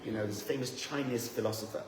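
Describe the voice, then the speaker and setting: Man, rabbi, seminar talk, animated anecdotes, repeats words as he goes, roomy hall, faint background noise. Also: on the low side, fast talker. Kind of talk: lively storytelling talk to a live audience. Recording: echoey hall with faint ambience.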